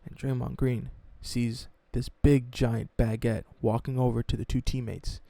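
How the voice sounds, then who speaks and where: A man telling a sports story in a mocking, animated, profane way, as a sports YouTuber. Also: medium pitch, unhurried, vocal fry, dry recording.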